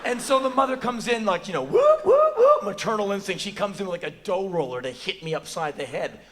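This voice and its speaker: An American man in his forties telling a profane, animated story on a theater stage, acting out other people's lines in a high voice. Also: fast talker. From United States. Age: 40s. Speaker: spoken word performer. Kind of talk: live spoken word storytelling. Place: theater stage before an audience.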